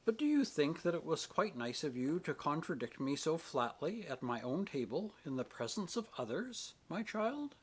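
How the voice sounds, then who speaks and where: Reading an audiobook, a man voices a stern, proud, sarcastic middle-aged minister father, pitching his husky voice above his own. The fairly high, very animated delivery moves at normal speed with hardly any pauses. The tone is stern reproach: ironic and authoritative.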